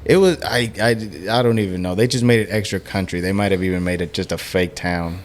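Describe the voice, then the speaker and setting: A man's voice: deep voice, fast talker, a little hiss or hum. A man co-hosting a casual podcast chat, laid-back and joking, swearing casually. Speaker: podcast co-host.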